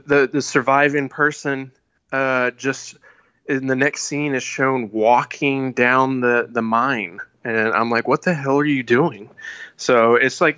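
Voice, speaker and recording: A man's voice: mid-range voice, sharp tone, clear, resonant tone, no echo, lo-fi sound. A man chatting casually about a horror movie on a podcast, rambling with fillers and restarts. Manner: laid-back, rambling, with many fillers and restarts. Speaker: podcast co-host.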